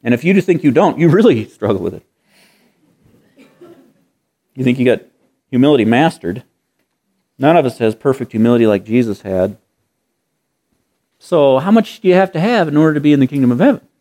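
A male preacher in mid-sermon, his voice at an ordinary middle pitch. He talks earnestly and keeps asking the listeners rhetorical questions. He repeats key phrases to drive them home. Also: expressive, a little fast, long pauses, dark tone.

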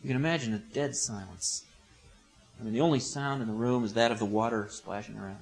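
A man's voice: lowish voice, fairly quick, creaky. A man preaching an expository sermon, telling the story vividly with humorous asides.

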